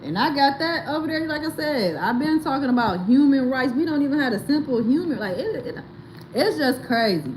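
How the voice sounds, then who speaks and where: Blunt, animated woman host with faint hiss. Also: high-pitched, brisk, low-quality recording. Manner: blunt, animated, swearing and laughing. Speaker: livestream host. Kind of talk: casual commentary chat.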